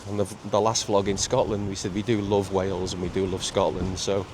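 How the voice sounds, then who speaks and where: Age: middle-aged. Sex: man. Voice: low-pitched. Style: chatty walking vlog, halting. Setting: outdoors by the sea, faint traffic behind. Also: level tone. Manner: chatty, halting with many repeats and fillers. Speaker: vlogger. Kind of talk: casual walking vlog narration. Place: outdoors on a seaside promenade. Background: faint outdoor ambience with traffic and seagulls.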